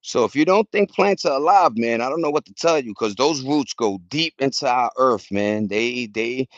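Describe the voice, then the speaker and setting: A man's voice: medium pitch, animated, moderate pace, no room sound, dull audio. A man vlogging in a casual, slangy, rambling way, chatting loosely to his viewers from home. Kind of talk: casual chat to camera. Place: at home with plants and a cat.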